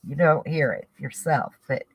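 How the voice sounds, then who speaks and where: A woman's voice: sits low, animated, normal speed, husky, poor audio. A woman with a Southern US accent chatting casually to viewers, rambling and thinking aloud as she works on a craft project. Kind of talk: casual crafting chat to camera.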